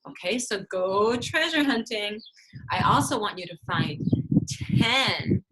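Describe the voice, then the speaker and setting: A woman speech therapist teaching preschoolers, talking in a sing-song, drawn-out way and clapping out syllables. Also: mid-range voice, expressive, very noisy. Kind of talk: slow, sing-song teaching to young children.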